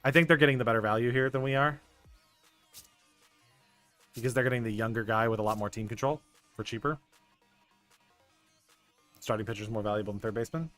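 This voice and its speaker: A young man streaming a baseball management game, chatting casually with his viewers, excitable and stumbling over restarts. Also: medium pitch, brisk, long pauses. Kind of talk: casual gameplay commentary talking to chat. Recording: dry close mic with faint game music.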